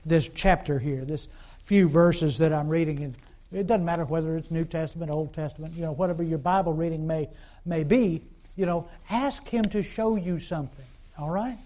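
A man's voice: fairly high pitch, moderate pace, warm tone. Folksy preacher, a man with a raised voice. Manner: folksy and repetitive, with frequent fillers and call-and-response asides. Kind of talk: conversational sermon.

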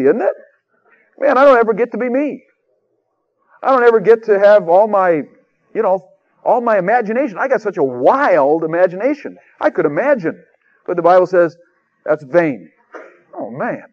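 Man, radio sermon, folksy and emphatic, slightly higher voice, dull lo-fi recording. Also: animated, fairly quick. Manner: folksy, conversational, emphatic preaching. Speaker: preacher.

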